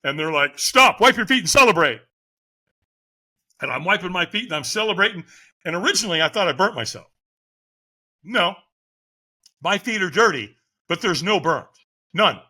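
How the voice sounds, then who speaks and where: A man's voice: high voice, lively intonation, moderate pace, pauses often, sharp tone, husky. A middle-aged man, a fire captain, telling a vivid personal story as a podcast guest, acting out quotes and laughing often.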